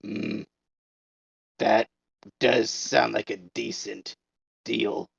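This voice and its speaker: Gravelly, husky player, bluntly stern in character, dull lo-fi mic. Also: male voice, lowish voice, steady tone, very slow, no room sound. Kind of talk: tabletop role-play.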